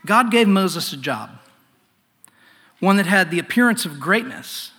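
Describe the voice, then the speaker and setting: A man preaching a sermon in an earnest way, often dropping to a hushed voice. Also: on the high side, lively intonation, unhurried. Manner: earnest, swings from loud to hushed. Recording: long hall reverb.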